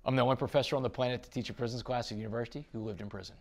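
Middle-aged man, gravelly, animated interview storyteller. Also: mid-range voice, very fast. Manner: animated storyteller, quotes others, swings loud and soft. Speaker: podcast guest.

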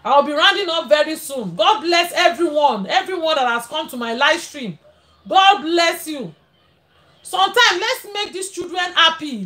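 A Nigerian woman hosting a casual live stream, thanking viewers and blessing them. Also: extremely high pitch. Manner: warm blessings, frequent laughter.

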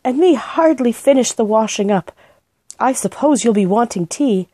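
A stout, motherly older housekeeper, forever flustered and fussing, whose voice jumps high with every exclamation, put on by a woman reading a storybook. Her lines bounce up and down a great deal. The recording is dry and close, with no room around it. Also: animated, moderate pace, dark tone, no echo.

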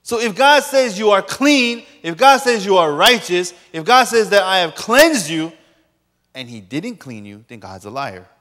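Animated joking pastor in a big hall. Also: male voice, high-pitched, a little slow. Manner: animated, joking, acts out quoted voices. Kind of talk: sermon. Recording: long reverb of a large hall.

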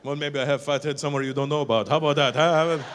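A male stand-up comedian doing crowd work live on stage, teasing audience members with profane, quick banter. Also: on the high side, fairly even intonation.

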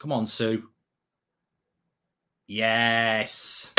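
A man giving excitable, sweary live reaction commentary as a streamer, half talking to himself. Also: medium pitch, drawn-out words, pauses often, background noise.

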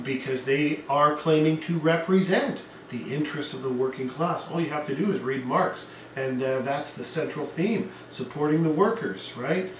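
A man's voice: medium pitch, slight background noise. A man giving a casual history lecture to a class, talking in a conversational way with asides and fillers. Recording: echoey room, mic at a distance.

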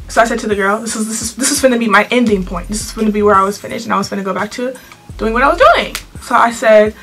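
A teenage girl talking straight to her camera with sass and lots of slang. Her voice is high and bright, with a forceful edge, and faint music plays behind her. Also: quick pace. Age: teens. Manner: animated, sassy storytelling with slang. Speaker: vlogger. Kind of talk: storytime vlog.

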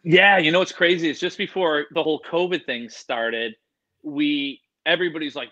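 Animated, bright-voiced man telling stories. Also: a little high, normal speed, muffled recording. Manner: animated, rambling storyteller. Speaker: animal expert guest. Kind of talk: casual storytelling interview.

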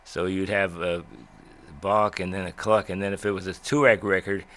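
An older man, a radio veteran, telling old stories in a rambling way with many pauses and restarts. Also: low-pitched, level tone, a bit bright. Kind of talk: reminiscing talk.

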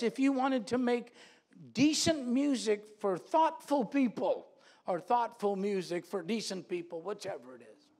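A man's voice: sits high, darkish tone. A man preaching a sermon in a church, earnest and repeating phrases for emphasis.

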